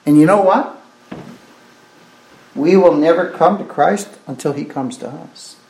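A man's voice: fairly high pitch, unhurried, gravelly, darkish tone, reverberant. A man preaching a sermon with fervor, repeating phrases and exclaiming "oh my" as he goes.

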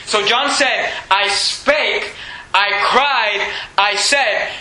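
A man's voice: high-pitched, drawn-out words, sharp tone. A man preaching a sermon as pastor, emphatic and repetitive, in a church sanctuary. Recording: echoey room.

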